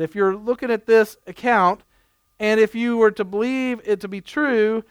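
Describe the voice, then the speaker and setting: Guy preaching, pretty high voice, smooth and clear, chatty asides, dry close sound. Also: no room sound. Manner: conversational preaching with playful asides. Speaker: pastor. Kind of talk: sermon.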